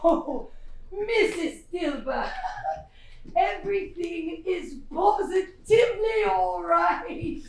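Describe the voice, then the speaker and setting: A woman acting a reformed miserly old woman on a theatre stage, giddy, laughing and shouting. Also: very high-pitched, extremely slow, vocal fry, heavily acted. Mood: gleeful. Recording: echoey stage miked from far, audience.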